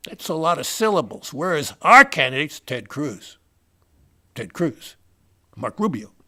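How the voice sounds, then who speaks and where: A man's voice: on the high side, very animated, a little slow, sharp tone, exaggerated voice. An actor playing a boastful male Republican party insider in a satirical comedy rant, rambling and name-dropping toward each punchline. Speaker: comic character monologue.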